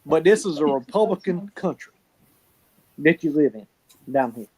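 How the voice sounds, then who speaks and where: A man's voice: on the high side, animated, moderate pace, a little mellow, breathy edge, low-quality recording. A man with a Southern US accent chatting bluntly and opinionatedly in a casual podcast conversation. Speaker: guest on fan podcast. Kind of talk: casual chat.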